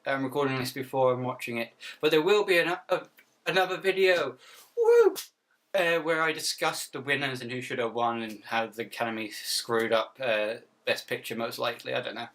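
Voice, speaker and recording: A man, delivering deadpan quips about outfits with sudden mock outbursts as a comedy vlogger. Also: mid-range voice, a little fast, few pauses, far from the mic. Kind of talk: jokey outfit commentary.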